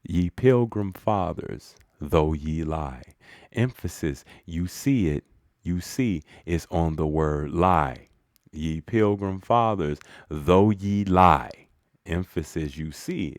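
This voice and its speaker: A deep, low-pitched man reads an old speech slowly, pausing for dry, wry asides. The sound is close and dry, with no room around it. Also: a little mellow, dry recording. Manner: dry, wry asides between quoted passages. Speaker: reader.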